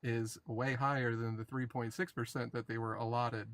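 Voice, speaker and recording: A man's voice: mid-range voice, little pitch movement, moderate pace, a bit bright, dry recording. A man on a debate panel, arguing casually and assertively and stacking up facts and figures.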